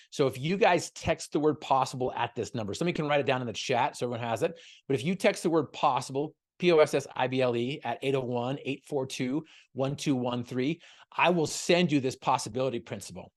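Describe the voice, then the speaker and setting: A man giving a motivational talk over a video call, telling a story and firing off repeated rhetorical questions. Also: mid-range voice. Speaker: motivational speaker guest.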